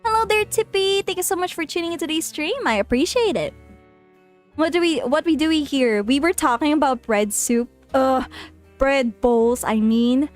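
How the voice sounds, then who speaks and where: A woman streaming a game and chatting casually with her viewers, animated and exclaiming, often in mock outrage. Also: high-pitched, normal speed, faint music behind. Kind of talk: casual live-stream chat.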